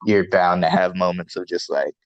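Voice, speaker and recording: A man's voice: low-pitched, fairly even intonation, normal speed, no room sound. A man co-hosting a casual podcast, talking in a laid-back, rambling way and swearing casually. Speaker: podcast co-host. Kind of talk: casual chat. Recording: dull lo-fi, dry sound.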